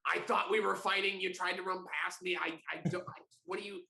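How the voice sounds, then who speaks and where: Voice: medium pitch, flat delivery, a little fast, creaky, bright, forceful tone. A player in a tabletop game who talks in a stammering, hesitant, flustered way. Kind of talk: casual tabletop game play. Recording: echoey room with faint noise.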